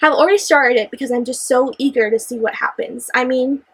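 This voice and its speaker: A young woman with a high voice talks through a book she loves in casual chat. She gushes and exclaims, and she trips over repeated phrases when she gets worked up. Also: a little fast, slightly rough, rough recording. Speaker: book reviewer. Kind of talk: excited casual book discussion.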